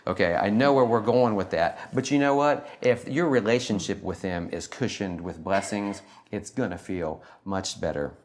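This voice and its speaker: A middle-aged man with a fairly low voice gives a relaxed talk to a live audience. He is animated and self-deprecating, and often laughs at his own jokes. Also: moderate pace, few pauses. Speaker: teacher and speaker.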